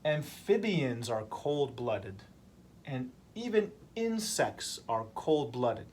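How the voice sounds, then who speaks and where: Slow, patient man teaching vocabulary. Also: mid-range voice, very animated, darkish tone, slight background noise. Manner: repeats key words and asks the class simple questions. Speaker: ESL teacher. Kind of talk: slow vocabulary lesson for language learners.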